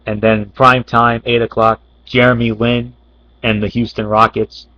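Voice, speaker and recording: A man's voice: mid-range voice, flat delivery, unhurried, dull audio. A man talking casually about upcoming basketball games as a sports commentator, with plenty of fillers and restarts. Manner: unscripted, many fillers and restarts. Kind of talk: casual talk.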